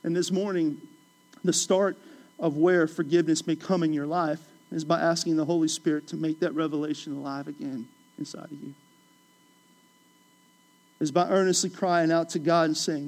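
A man with a high-pitched voice preaches a sermon in a conversational way. He repeats key phrases for emphasis and slips into playful voices when retelling a story. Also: normal speed. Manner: animated, acts out playful voices of biblical figures. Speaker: pastor.

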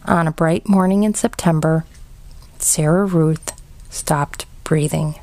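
A woman reads a storybook aloud very slowly, in a gentle and measured way. Her voice sits low for a woman, and the close recording is dry, with no room sound. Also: fairly even intonation, dry recording. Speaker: audiobook reader. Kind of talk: storybook narration.

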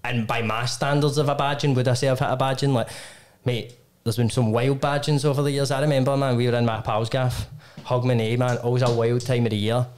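A man's voice: medium pitch, steady tone, a little fast, a little mellow. A man in his twenties with a Glaswegian Scottish accent, hosting a casual podcast chat and telling rambling, sweary anecdotes. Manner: sweary, rambling storyteller full of "like" and "mate". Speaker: podcast host.

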